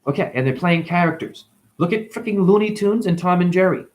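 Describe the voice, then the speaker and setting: Animated rambling man, lively pitch. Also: brisk. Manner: animated, swearing, swings between loud and muttered. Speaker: vlogger. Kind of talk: rambling monologue to camera.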